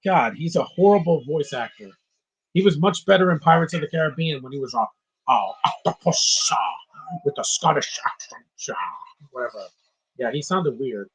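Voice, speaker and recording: Opinionated man with a husky voice. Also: on the high side, animated, moderate pace, poor audio. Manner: opinionated, ranting. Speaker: film commentator. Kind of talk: casual live movie commentary.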